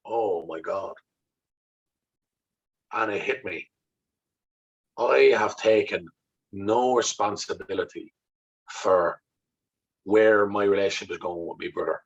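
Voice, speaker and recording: A man's voice: on the low side, measured pace, gravelly, long pauses, highs cut off. An Irish man, a guest in an interview, tells a personal story with intensity, swearing freely and acting out remembered dialogue. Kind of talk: candid conversational storytelling.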